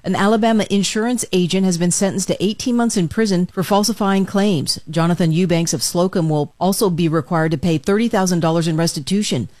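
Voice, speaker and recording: A woman anchoring a radio newscast, reading scripted stories in a steady, measured way. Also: fairly low pitch, no echo, clean studio sound. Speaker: news anchor. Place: studio booth.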